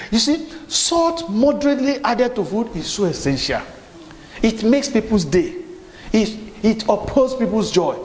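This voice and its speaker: Male pastor, high voice, repetitive call-and-response preaching, roomy church reverb. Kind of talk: sermon. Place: church hall. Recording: echoey hall with faint room noise.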